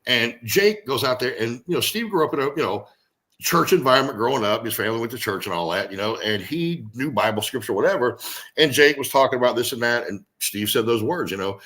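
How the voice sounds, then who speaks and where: Animated, bright-voiced man telling stories. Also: mid-range voice, a little fast. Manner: animated, rambling storyteller with many fillers. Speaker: guest, former pro wrestler. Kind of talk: casual storytelling interview.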